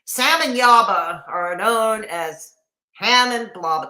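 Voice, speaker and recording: A woman's voice: on the high side, lively intonation, slow pace, sharp tone, echoey room, poor audio. A woman hosting a reaction stream, talking back to a clip with sarcastic, profane asides and chatting with viewers. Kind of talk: casual reaction commentary.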